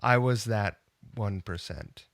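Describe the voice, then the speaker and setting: A man's voice: on the low side, slow, gravelly, no room sound, studio quality. A man telling a long story as a podcast guest, acting out the people he quotes. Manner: animated, acts out quoted voices. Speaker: podcast guest, punk guitarist. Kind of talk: casual storytelling.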